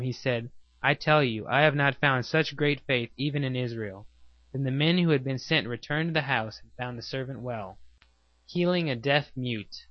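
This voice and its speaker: A man giving a steady, measured scripted reading of Bible passages. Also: medium pitch, no room sound, dull audio.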